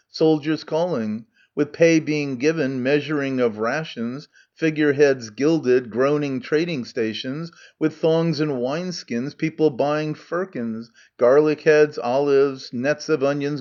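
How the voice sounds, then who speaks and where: A man's voice: mid-range voice, a little mellow, highs cut off, lightly acted. A man reading as a wily defiant Athenian farmer. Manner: declaiming rhyming verse. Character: wily defiant male Athenian farmer arguing his case.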